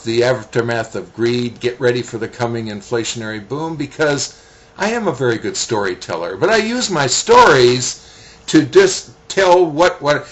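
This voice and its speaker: Lively middle-aged man telling stories. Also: medium pitch. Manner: folksy storyteller, chuckles at himself. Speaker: author. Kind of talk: video message to viewers.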